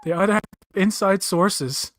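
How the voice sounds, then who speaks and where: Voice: medium pitch, unhurried, no room sound. A podcast co-host in casual chat, ranting with frustration and frequent swearing.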